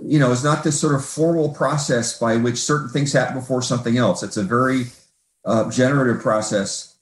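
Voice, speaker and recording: A man in a casual group conversation speaks thoughtfully and rambles a little. He restarts his sentences often as he works toward his point. The room around him adds a noticeable echo. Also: mid-range voice. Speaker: audience member asking a question. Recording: roomy echo.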